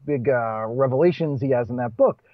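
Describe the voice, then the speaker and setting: Brisk and mid-range in voice, this stand-up comic from Boston, USA, chats casually on a podcast, correcting himself as he goes and laughing between points. The audio is dry, dull, and muffled.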